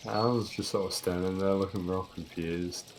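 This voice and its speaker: A man's voice: sits low, steady tone, moderate pace, noisy background. A man playing a tabletop game, casual and joking with the table. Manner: jokey, easily amused. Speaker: player.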